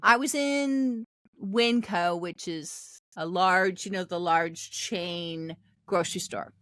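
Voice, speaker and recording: A woman's voice: fairly low pitch, slow pace, dry recording, clean studio sound. An older woman pastor, a podcast guest, telling a faith testimony in a casual interview and animating the people in her story. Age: 60s. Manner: animated storyteller acting out quoted voices.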